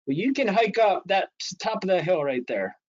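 This is a gruff old rural landowner who guards his land, put on by a man telling a story. He drawls in a slightly raised voice and sounds plain and blunt. The audio is dull and a little lo-fi. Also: high-pitched, sing-song, moderate pace, pitched above the performer's own voice. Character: gruff older male landowner, territorial.

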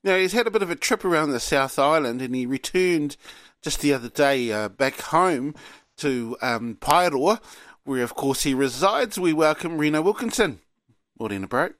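A man hosting a casual sports talk show, relaxed and chatty. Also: on the high side, moderate pace, dry recording. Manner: relaxed, chatty, uses Māori greetings. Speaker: host.

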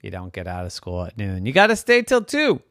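Parent doing a quiet hesitant teacher, low and soft, dry sound. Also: huge pitch swings, fairly quick, dry recording, heavily acted. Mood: patient. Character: calm, hesitant schoolteacher. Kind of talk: improvised bedtime story.

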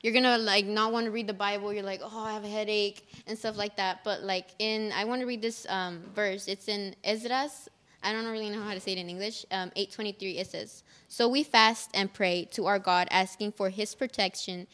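A woman's voice: medium pitch, steady tone, moderate pace, a bit bright. A young woman sharing thoughts on faith in a casual group talk, earnest and conversational with a few fillers. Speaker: youth group member.

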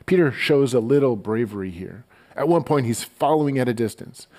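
A man giving a relaxed, conversational sermon as a pastor, often repeating words as he goes. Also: medium pitch, fairly quick. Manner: conversational, relaxed storytelling with frequent stammered word repeats.

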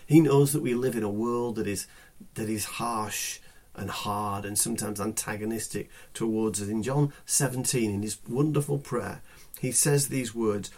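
A man with a husky, slightly breathy voice delivers a devotional sermon at a slow, deliberate pace. He speaks earnestly to his listeners, lingering on phrases and repeating words to stress them. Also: mid-range voice, a little mellow. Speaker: pastor.

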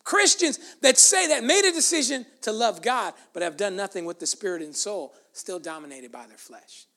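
Animated, bright-voiced preacher. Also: mid-range voice, normal speed, gravelly. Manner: animated and emphatic, drops to soft asides. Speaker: pastor. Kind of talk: sermon.

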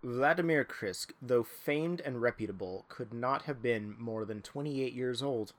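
A man reading a story aloud to friends, slipping in dry, deadpan jokes. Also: medium pitch, measured pace. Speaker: story reader.

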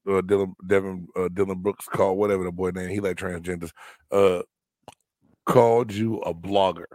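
A man's voice: low voice, no echo. A man co-hosting a casual sports podcast, joking and slangy, full of trash talk. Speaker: podcast co-host.

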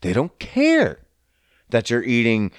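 A man's voice: mid-range voice, huge pitch swings, slow pace, dry recording, clean studio sound. A man in a casual, profane rant who swears often and slips into mocking voices. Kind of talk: casual ranting monologue.

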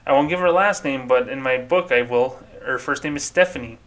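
A man's voice: medium pitch, brisk, a bit bright. A man hosting his own podcast, talking in a blunt, heated and sometimes profane monologue. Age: adult, former banker of thirteen years. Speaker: podcast host. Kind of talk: casual ranting monologue.

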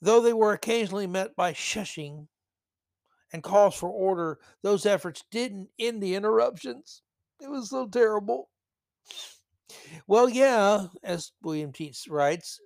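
A man with a somewhat high voice hosts his own podcast, drifting into sarcastic, mocking asides as he goes. The sound is close and dry, with no room around it. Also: a little mellow, no room sound. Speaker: podcast host. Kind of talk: solo political commentary podcast.

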